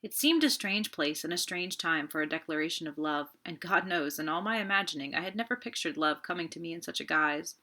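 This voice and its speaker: A woman narrating an audiobook in a steady, measured storytelling manner. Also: deep voice. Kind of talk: audiobook reading.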